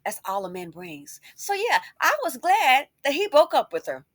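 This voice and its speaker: A woman's voice: sits high, sing-song, normal speed, no echo, clean studio sound. A woman giving sassy, scolding commentary in a casual style. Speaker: commentary host.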